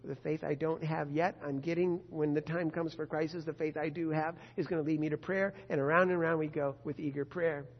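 A man's voice: a little high, little pitch movement, fairly quick, hardly any pauses. A man preaching a sermon in an earnest manner, building to emphatic bursts. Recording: dull long-reverb hall sound.

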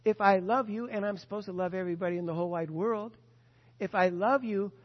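High-voiced preacher in an echoing hall. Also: male voice, brisk. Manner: earnest, emphatic, repeats key points. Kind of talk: sermon. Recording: dull lo-fi sound with long hall reverb.

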